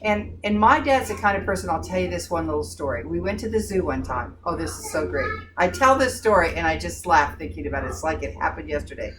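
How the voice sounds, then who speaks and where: An older woman telling family stories in a folksy, animated way, laughing at her own tales in a casual group chat. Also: on the low side, quick pace, hardly any pauses. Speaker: staff member at a pregnancy center. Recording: distant mic with clear background noise.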